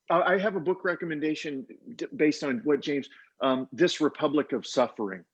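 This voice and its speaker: Husky, hesitant man on a muffled line. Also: mid-range voice. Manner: hesitant, soft-spoken, many fillers. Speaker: author on a panel. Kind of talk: casual panel discussion. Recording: dull, muffled video-call audio.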